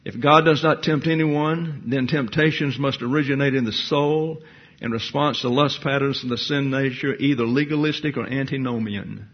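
A man's voice: medium pitch, moderate pace, breathy edge. A man teaching a verse-by-verse Bible lecture, digressive, with wry asides and thinking aloud between points. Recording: dull lo-fi lecture recording.

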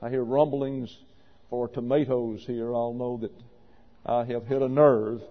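A man's voice: mid-range voice, fairly even intonation, a little slow. A man preaching a sermon to a congregation, emphatic and wry, with sarcastic asides. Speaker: pastor. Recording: dull audio with long reverb.

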